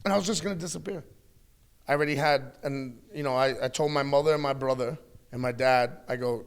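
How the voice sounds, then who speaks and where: A middle-aged man in a candid interview, talking bluntly and with plenty of swearing as he tells animated stories. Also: on the high side, brisk, vocal fry. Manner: blunt, profane, animated storytelling. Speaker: wrestling guest.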